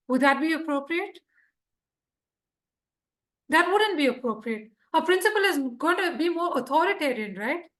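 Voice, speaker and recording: A woman teaches public speaking to a live club, her voice high and bright with a husky edge. She keeps a lively, teacherly rhythm and keeps checking that her listeners follow. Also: normal speed. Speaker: Toastmasters speaker teaching speech craft. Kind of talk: live instructional talk to a club.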